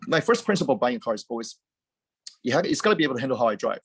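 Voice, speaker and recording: Animated man, dry close sound. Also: medium pitch, very fast, slightly rough, no room sound. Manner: animated, rambling with frequent restarts and repeated words. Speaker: guest, car company founder. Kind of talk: casual interview chat.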